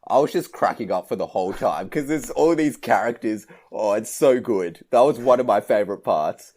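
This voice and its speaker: A man co-hosting a podcast, chatting casually about a movie, retelling scenes with animated laughter. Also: on the low side, moderate pace. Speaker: podcast co-host. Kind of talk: casual movie review chat.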